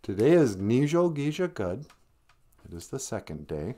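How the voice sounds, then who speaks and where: A man's voice: medium pitch, big pitch swings, moderate pace, warm tone. A man hosting a casual live stream, joking and teasing his viewers while teaching words. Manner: playful, teasing banter with viewers; jokey mock-stern scolding.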